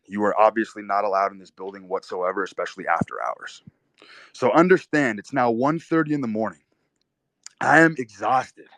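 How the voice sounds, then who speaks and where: A man's voice: medium pitch, dry recording. Young guy, mid-range voice, telling a raw, cuss-heavy personal story, recorded dry. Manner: intense, profane, vivid storytelling. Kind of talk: first-person storytelling monologue.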